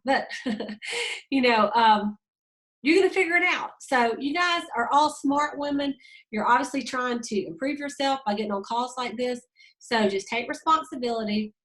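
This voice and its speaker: A woman's voice: fairly high pitch, a bit bright, low-quality recording. A woman hosting a motivational sales team call, upbeat and folksy, coaching her team. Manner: upbeat, pep-talk, folksy.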